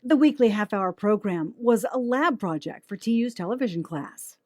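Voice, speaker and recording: A woman news anchor giving measured, polished documentary narration. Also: mid-range voice, animated, a little mellow, dry recording, studio quality.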